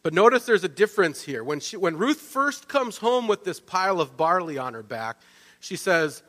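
A man preaching a sermon, telling the story in a lively way and often checking in with "right?". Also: high voice, normal speed. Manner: animated storytelling, with frequent restarts and "right?" asides. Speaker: pastor. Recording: long reverb of a large hall.

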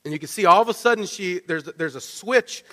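A man preaching a sermon, telling the story in a lively way and often checking in with "right?". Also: sits high, brisk. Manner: animated storytelling, with frequent restarts and "right?" asides. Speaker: pastor. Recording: long reverb of a large hall.

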